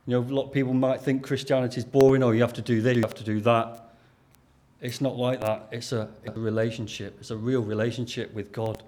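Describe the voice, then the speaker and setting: A preacher from Lancashire, England, with a Lancashire accent and a medium-pitched, slightly mellow voice delivers a sermon. He speaks earnestly and plainly, as if chatting, and keeps turning questions back to his listeners.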